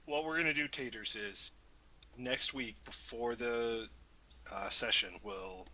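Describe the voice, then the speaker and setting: A man playing a tabletop game over voice chat, joking and halting, worn out late at night. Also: mid-range voice, lively intonation, bright, forceful tone, poor audio. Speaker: player. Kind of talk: casual voice chat.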